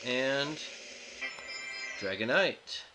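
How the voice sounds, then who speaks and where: A man hosting a casual card pack opening video, reading card text aloud in a flat, steady way and chatting with the viewers. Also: mid-range voice, extremely slow, music in the background, low-quality recording. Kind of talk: casual commentary while opening card packs.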